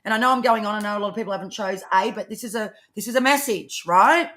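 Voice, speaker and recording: A woman doing a live tarot reading, talking fast and rambling, swearing freely as she goes. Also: mid-range voice, a bit bright. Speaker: tarot reader co-host.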